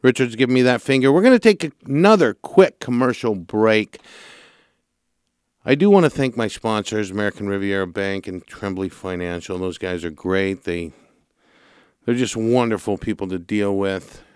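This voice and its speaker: Smooth-voiced male radio host telling stories. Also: fairly low pitch, moderate pace, no room sound, studio quality. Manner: animated storyteller, acts out callers' lines. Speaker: radio show host, mortgage broker. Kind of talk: casual radio talk, storytelling.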